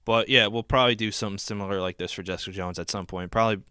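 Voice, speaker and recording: Low-voiced casual male podcast host. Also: rapid-fire, smooth, no room sound, studio quality. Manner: relaxed, filler-heavy. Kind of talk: casual chat.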